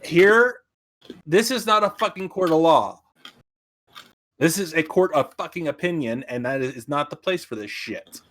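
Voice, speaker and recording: A man's voice: on the high side, unhurried, fairly bright tone. A young adult man, a co-host on a casual livestream, who swears freely and rants, then apologizes. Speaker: podcast co-host.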